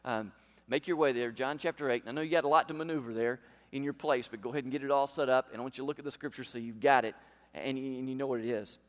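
A man's voice: medium pitch, fairly even intonation, fast talker. A pastor preaching a sermon to his congregation, emphatic and full of rhetorical questions. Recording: long hall reverb.

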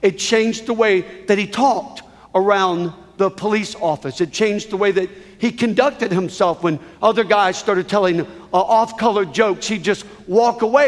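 A man preaching a sermon, telling a story with rising emotion, his voice swelling from hushed to almost shouting. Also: high voice, a little slow. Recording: long hall reverb.

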